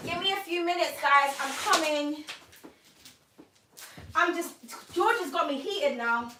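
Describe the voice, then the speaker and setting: A woman's voice: high voice, measured pace, sharp tone, slight background noise. A woman, a tarot reader, talking bluntly and with a lot of swearing on a live stream. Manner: blunt, profane, ranting. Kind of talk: livestream chat.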